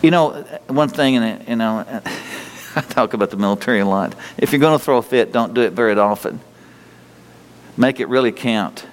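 A man's voice: mid-range voice, normal speed. Middle-aged male preacher, folksy, full of rhetorical questions, reverb from a large hall. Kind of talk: sermon.

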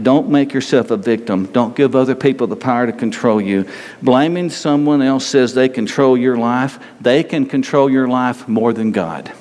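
A man's voice: mid-range voice, darkish tone. An older man preaching a sermon as pastor, emphatic and repetitive, asking the congregation rhetorical questions. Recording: long reverb of a large hall.

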